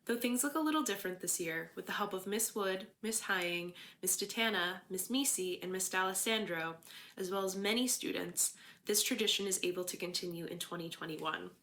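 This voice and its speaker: A woman with a Philadelphia accent, an English teacher, giving a formal, measured welcome to a school assembly and reciting a poem. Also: medium pitch, fairly bright tone.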